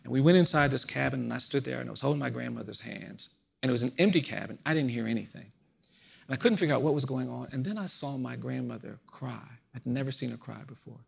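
Male speaker, fifties, gravelly and husky, reflective storyteller, measured and earnest. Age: 50s. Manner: earnest, measured, drops to a hushed low voice in stories. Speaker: guest speaker.

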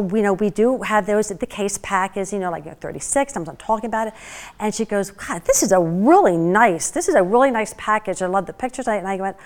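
A woman speaks to a class as a guest and tells a story with lively, chatty energy. She leans on fillers and slips into the voices of the people she quotes. Her pitch sits in an ordinary middle range. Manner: chatty, with many fillers like "you know" and "like".

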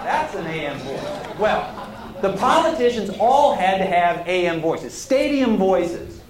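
A man's voice: a little high, a little hiss or hum. A man giving a conversational history lecture, digressing now and then and putting questions to his audience. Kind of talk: public lecture. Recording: roomy lecture hall.

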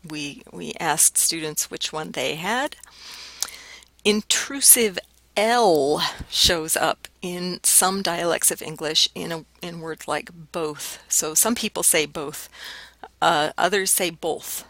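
A woman lecturing to a class, taking her time and sounding out example words so listeners can hear the differences. Her voice sits a little low, and the recording is dry and close with no room sound. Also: slow, fairly bright tone, dry recording, poor audio. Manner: explanatory, demonstrates vowel pronunciations aloud. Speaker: linguistics lecturer.

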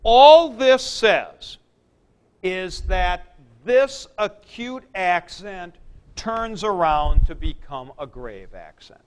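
Slow-speaking man teaching a lecture. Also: high-pitched, expressive, clean tone. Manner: slow, explains with examples. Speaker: Greek teacher. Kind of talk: classroom lecture.

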